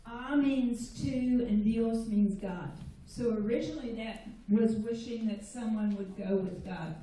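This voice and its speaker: A woman's voice: fairly high pitch, warm tone, distant mic. A woman teaching a room of students simple Spanish phrases, patiently repeating each one for them to echo. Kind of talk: classroom phrase lesson. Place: school room with a crowd of students. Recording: echoey room recorded from afar with crowd.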